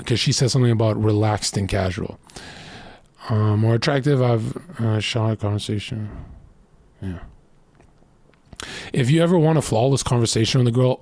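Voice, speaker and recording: A man's voice: fairly low pitch, darkish tone, no echo. A man streaming casual commentary, brash, crude and boastful as he reacts to a thread and lectures his viewers. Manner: lectures with quick put-on voices in his stories.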